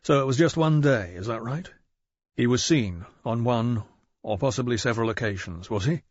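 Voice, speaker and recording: A man voicing a calm, methodical male police detective in an audiobook, asking direct questions. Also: mid-range voice, normal speed, no echo, lo-fi sound, lightly acted. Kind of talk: audiobook character voice.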